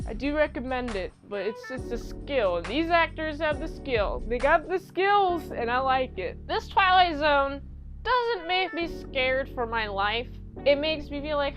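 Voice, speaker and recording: A woman's voice: sits high, big pitch swings, a little slow, fairly bright tone, soft background music. A woman casually recapping a TV episode as a reviewer, chatty and rambling with slangy asides. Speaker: show reviewer.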